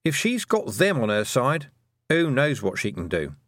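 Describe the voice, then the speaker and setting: A man voicing a brisk, sharp-tongued woman who is a witch and a teacher, in an audiobook. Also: mid-range voice, wildly swooping pitch, dry recording, clean studio sound, pitched above the performer's own voice. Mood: emphatic. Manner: brisk, emphatic, lecturing. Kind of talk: audiobook character voice.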